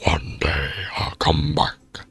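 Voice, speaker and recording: A man voicing a weary, hopeful male traveler in whispered role-play, with a gravelly, breathy, solemn delivery. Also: very deep voice, little pitch movement, fairly bright tone, faint music behind, pitched below the performer's own voice, heavily acted. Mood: wistful. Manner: slow, solemn, wistful.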